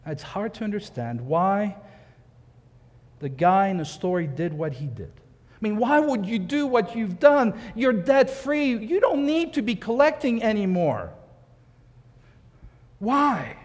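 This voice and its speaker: High-voiced preacher in an echoing hall. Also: male voice, sing-song, measured pace, long pauses. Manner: emphatic, repeats key phrases, rhetorical questions. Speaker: pastor. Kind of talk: sermon.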